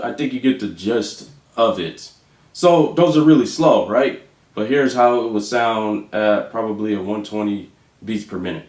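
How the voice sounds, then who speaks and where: Man counting drum rudiments in echoey room. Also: lowish voice. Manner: counts beats aloud slowly and rhythmically. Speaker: drum teacher. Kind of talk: instructional demonstration. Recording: echoey room with faint noise.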